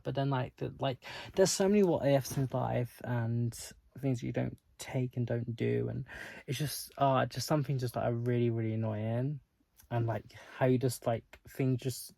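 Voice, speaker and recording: A man's voice: mid-range voice, steady tone, brisk, gravelly, warm tone. A man talking casually in a reading-update vlog, ranting in exasperation and filling his talk with "like" and swearing. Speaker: book vlogger.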